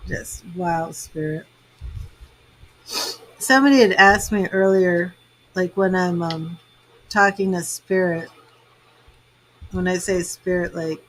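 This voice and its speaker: Poor audio carries a woman's lowish voice as she reads tarot live for viewers. A psychic medium, she rambles emotionally with lots of fillers and is tearful at moments.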